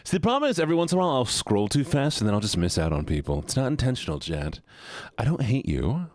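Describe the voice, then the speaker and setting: A man's voice: mid-range voice, big pitch swings, quick pace, a little mellow, dry recording, studio quality. Playful man chatting to a livestream audience. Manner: playful, greets viewers by name, teasing. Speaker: livestreamer greeting chat. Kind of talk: casual livestream chat.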